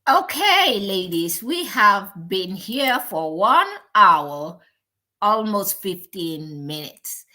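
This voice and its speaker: A woman host giving slow, deliberate closing remarks to her viewers, addressing them as ladies in an encouraging tone. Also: mid-range voice, animated, pushed and bright.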